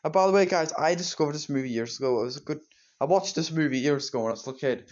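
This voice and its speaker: A man's voice: fairly high pitch, rapid-fire, darkish tone. A teenage boy, reviewing a movie in rambling, repetitive fan talk. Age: teens. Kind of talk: casual solo movie review. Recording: dull lo-fi home recording.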